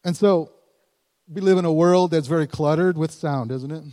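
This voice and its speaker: A man's voice: on the high side, moderate pace, dark tone. A man preaching a sermon in a conversational way, chuckling often and acting out quotes. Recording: hall reverb.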